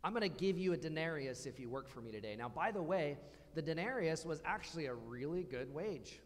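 A man's voice: a little high, lively intonation, a little fast, big-room sound. A man preaching a conversational sermon in a church, asking the congregation questions as he goes. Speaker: pastor. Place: church hall.

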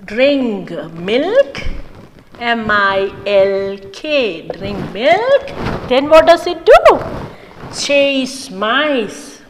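Slow, lively woman teaching small children. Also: fairly high pitch. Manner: spells words out letter by letter, asks the class questions. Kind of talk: children's English lesson. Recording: echoey room, loud background noise.

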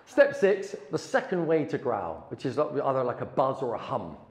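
A man's voice: mid-range voice, big pitch swings, normal speed. A middle-aged man teaching saxophone, chatty and encouraging as he demonstrates sounds to a student. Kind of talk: hands-on music lesson. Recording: roomy echo with faint background noise.

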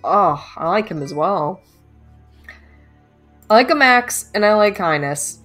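A woman's voice: mid-range voice, animated, slow, a bit bright. A young woman streamer chats playfully through a dating game, giggling often. Her nose is slightly stuffy, and faint background music plays under her voice. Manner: playful, giggly, reads dialogue aloud. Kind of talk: casual gameplay commentary.

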